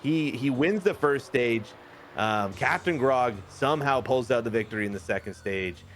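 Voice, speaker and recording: A man casually telling the story of his wrestling game matches, jokey and animated. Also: normal speed, slight background noise. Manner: animated, jokey, briefly puts on high-pitched character voices. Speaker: host booking a wrestling game.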